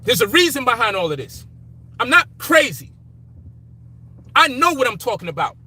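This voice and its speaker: Heated, high-voiced man ranting. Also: sing-song, normal speed, pushed and bright, husky. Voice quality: profane, emphatic, heated. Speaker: commentator. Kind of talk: frustrated personal rant.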